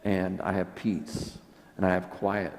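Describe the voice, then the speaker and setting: A priest giving an earnest, reflective sermon, often dropping to soft, quiet tones. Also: male voice, low voice, level tone, slow. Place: church. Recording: long church reverb.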